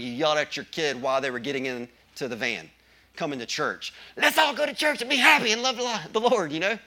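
A man's voice: a little high, bright, forceful tone. A male pastor preaching a sermon with emphasis, often asking the congregation questions.

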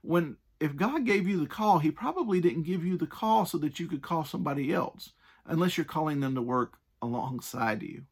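A man's voice: a little high, lively intonation, normal speed, husky. A man preaching a sermon in a conversational, earnest way, stressing his points and adding casual asides.

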